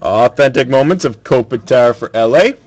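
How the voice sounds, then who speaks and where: A man hosting a sports card break, calling out each card pulled in a brisk, matter-of-fact way. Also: medium pitch, lively intonation, darkish tone, highs cut off. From Canada.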